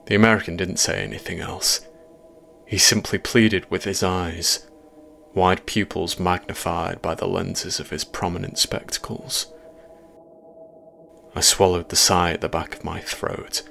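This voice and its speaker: A man narrating a first-person horror story in a measured, quietly ominous way. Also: deep voice, flat delivery, creaky, a little hiss or hum.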